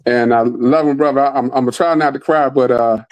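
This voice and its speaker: A man's voice: medium pitch, fairly even intonation, fairly quick, a little mellow. A man hosting a casual podcast chat over a remote call, enthusiastic and repeating his words. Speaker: podcast host.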